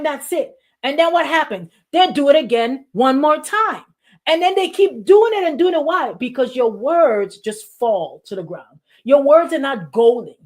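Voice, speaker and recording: A woman pastor preaching in a lively, repetitive style, acting out quotes along the way. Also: high voice. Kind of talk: sermon.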